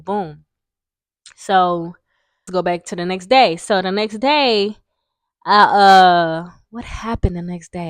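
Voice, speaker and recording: A woman's voice: medium pitch, no echo, clean studio sound. A young woman tells a personal story in a rambling, frank way, full of fillers and swearing. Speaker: vlogger. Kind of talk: casual storytime vlog.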